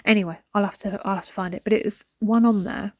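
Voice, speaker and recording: A woman's voice: medium pitch, fairly even intonation, fast, a little mellow, no room sound, studio quality. A woman in her thirties with a British accent, chatting casually to a phone camera at home while doing housework, rambling and often dropping to a whisper. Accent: British English. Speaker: vlogger. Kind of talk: casual chat while decluttering. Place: small home, indoors.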